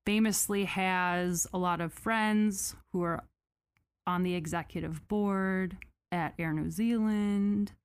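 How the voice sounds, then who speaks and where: A woman hosting a podcast, retelling a story in a casual, animated, sarcastic way with mock quotes. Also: mid-range voice, slow, clean tone. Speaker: podcast host.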